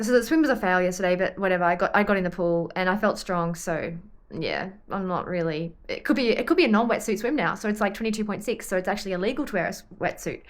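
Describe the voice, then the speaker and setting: Young australian woman, casual vlog chat, rambling, wanders off track, medium pitch. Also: a bit bright. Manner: chatty, rambling, easily sidetracked. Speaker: vlogger and triathlete.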